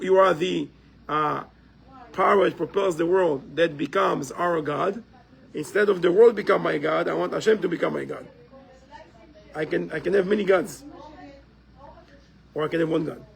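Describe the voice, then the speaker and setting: A man's voice: fairly high pitch, normal speed, gravelly, long pauses, low-quality recording. A man teaching a live class in a community center, explaining step by step and often checking in with "right?".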